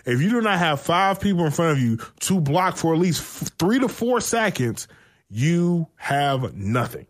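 A man's voice: a little high, measured pace. Casual man telling football stories. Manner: animated storytelling, swearing, laughs often. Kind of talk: casual sports chat.

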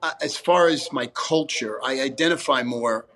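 A man's voice: medium pitch, normal speed, a bit bright. A man, an actor guest talking casually in an interview, rambling with restarts and frequent swearing. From New York, USA.

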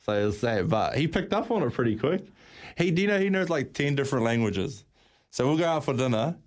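A man's voice: medium pitch, expressive, fairly quick. A New man who plays darts, chatting on the radio in a laid-back way and rambling with plenty of fillers. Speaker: studio guest, darts player. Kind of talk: casual chat.

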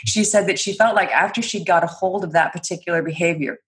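A woman trainer in an interview, explaining clearly and articulately, often laughing lightly. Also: on the low side, steady tone, fast talker, fairly bright tone. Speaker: guest, speech and credibility trainer. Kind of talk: interview answers.

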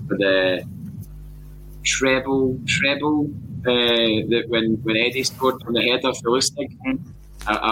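A Scottish man with a lowish, forceful, bright voice tells lively stories in casual football chat. Faint ambient noise sits behind him. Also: rough recording. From Scotland. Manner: storytelling, animated anecdotes.

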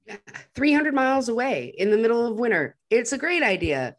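A woman's voice: fairly high pitch, very animated, fairly quick. A woman casually retelling film scenes to a co-host, with wry asides and quoted lines. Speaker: podcast co-host. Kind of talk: casual movie recap chat.

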